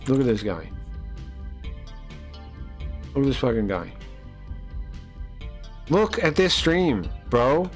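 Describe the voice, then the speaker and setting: A man's voice: medium pitch, big pitch swings, slow pace, pauses often, faint music behind. Exasperated male streamer venting to chat. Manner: exasperated, incredulous, talks to chat with many fillers. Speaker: live streamer. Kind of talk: casual live-stream rant.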